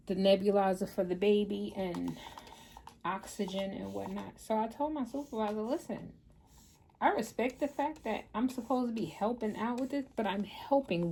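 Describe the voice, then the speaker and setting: Mellow-voiced woman in her fifties chatting. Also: medium pitch, vocal fry, a little hiss or hum. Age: 50s. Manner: candid, storytelling, talks straight to viewers. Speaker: vlogger and mother. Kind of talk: casual chat to camera.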